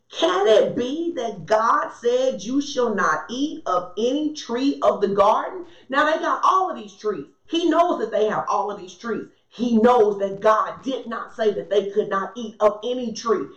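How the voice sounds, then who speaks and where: A woman's voice: on the high side, fairly bright tone, lo-fi sound. Emphatic woman preaching in an echoey room. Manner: conversational, emphatic, asks the congregation for responses. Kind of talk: sermon.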